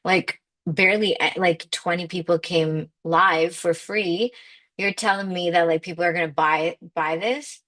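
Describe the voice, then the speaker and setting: An emphatic woman with a slightly low voice delivers a motivational spiritual talk as a manifestation coach. She speaks in a loose, conversational way, full of "like" and direct appeals. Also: unhurried, a bit bright.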